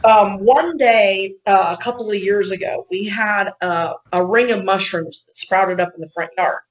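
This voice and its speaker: A woman podcast host telling an animated story in casual conversation, laughing often and acting out what people said. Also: mid-range voice, normal speed, muffled recording.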